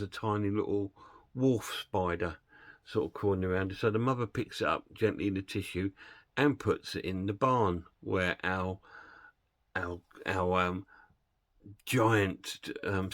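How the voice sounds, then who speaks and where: A man's voice: on the low side, measured pace, no room sound, studio quality. A man casually retelling a film plot and reviewing it, rambling and hesitant with plenty of fillers.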